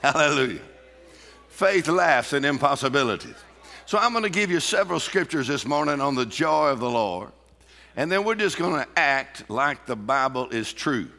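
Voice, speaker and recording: Gravelly fervent preacher in a big hall. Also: male voice, mid-range voice, animated, moderate pace, pushed and bright. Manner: fervent preaching with call-and-response and repeated laughter. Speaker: pastor. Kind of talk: sermon. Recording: reverberant hall.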